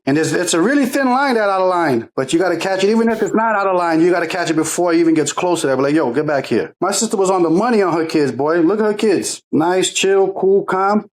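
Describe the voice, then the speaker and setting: Middle-aged guy on a podcast, fairly high voice, slangy, acts out what people said. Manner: animated storyteller, slangy, acts out quotes. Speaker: podcast co-host. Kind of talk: casual podcast chat.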